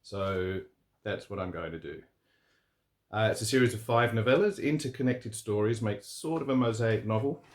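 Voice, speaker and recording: A man reading his own horror story aloud, steady and relaxed, with a few fillers. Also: fairly low pitch, normal speed. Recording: roomy echo.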